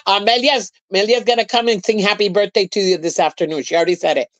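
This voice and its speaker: A woman dropping into a livestream, chatting in a doting, hurried way with the host. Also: medium pitch. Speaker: guest on a livestream. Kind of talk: casual chat.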